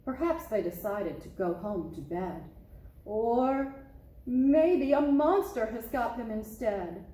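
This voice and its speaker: A woman's voice: a little high, lively intonation, takes it slowly, mellow. Woman doing a scared little bear cub. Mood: worried. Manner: anxious, whimpering. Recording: echoey room.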